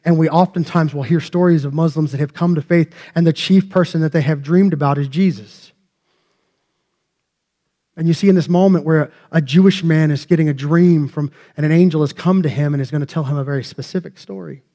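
A man's voice: a little high, steady tone, brisk, mellow. A man pastor preaching a sermon in a church, talking conversationally and joking with the congregation. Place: church sanctuary.

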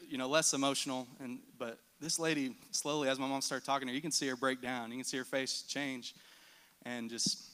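A man's voice: medium pitch, sharp tone, smooth. A man giving a church mission report as an earnest storyteller. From United States. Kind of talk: church testimony talk.

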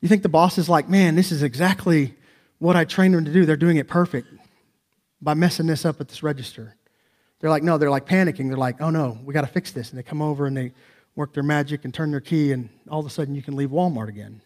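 A man, preaching to his congregation in an emphatic, conversational way. His voice sits a little high, and he keeps throwing rhetorical questions back at the listeners. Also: quick pace, darkish tone. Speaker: pastor. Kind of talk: sermon.

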